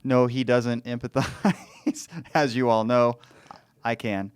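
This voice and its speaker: A man's voice: medium pitch, flat delivery, takes it slowly, clear, resonant tone, no echo, studio quality. A man co-hosting a podcast in casual, friendly, reassuring chat. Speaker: podcast co-host.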